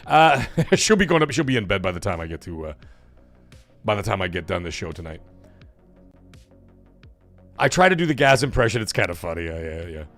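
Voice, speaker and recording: A man's voice: low-pitched, very animated, fairly quick, pauses often, a bit bright, faint music behind. A man hosting a casual gaming livestream, chatty and rambling, laughing often as he reads chat. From Italian-American background. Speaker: livestream host.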